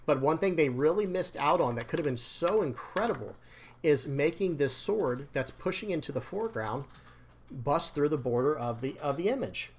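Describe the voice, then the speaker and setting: A man's voice: fairly high pitch, expressive, moderate pace, slight background noise. A man giving casual, rambling commentary on card game decks and art, repeating words and talking to viewers, his throat dry and voice slightly strained. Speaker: card game content creator. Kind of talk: casual commentary over screen.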